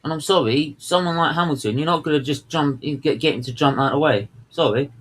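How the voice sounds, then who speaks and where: On a low-quality recording, a race watchalong co-host speaks a little fast in a slightly high, somewhat bright voice. He rants heatedly at the drivers, swearing through fuming outbursts.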